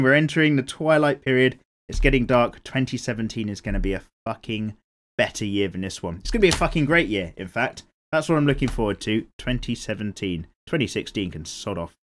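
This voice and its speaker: A young British man hosting a drawing show, reading out viewer comments in a rambling, casual way, swearing freely and laughing often. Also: mid-range voice. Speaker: art channel host.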